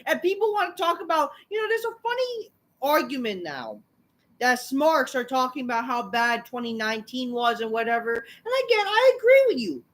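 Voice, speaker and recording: A woman with a high voice rants through a wrestling show review, cursing at every turn and repeating her insults. She swings between grumbling and loud shouts. The voice stays high and sharp in its anger. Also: sing-song, normal speed. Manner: angry, swearing, repeating insults; bursts into shouting. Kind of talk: profane ranting review.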